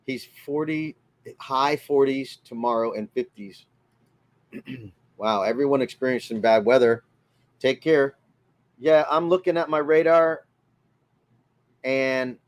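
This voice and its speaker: A man's voice: medium pitch, measured pace, pauses often. A man hosting a casual livestream from his RV, chatting and greeting viewers by name in a friendly way. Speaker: livestream host. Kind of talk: casual livestream chat reading comments.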